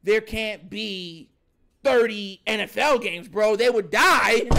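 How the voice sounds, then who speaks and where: A man's voice: extremely high pitch, unhurried, a bit bright. A man in casual sports talk, speaking emphatically in slang, laughing often and often asking "you know what I'm saying.".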